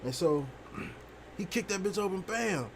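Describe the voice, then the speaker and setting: A young man with a fairly high voice tells a long story while playing a game, animated and swearing freely. He rambles and repeats himself with plenty of fillers, over a faint hum of background noise. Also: unhurried, gravelly. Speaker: gaming streamer.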